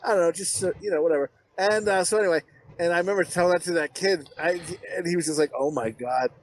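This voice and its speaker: A man's voice: sits high, fast talker, rough recording. A man on a casual podcast, ranting profanely through a story and laughing often. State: has high blood pressure. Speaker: podcast co-host. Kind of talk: casual chat.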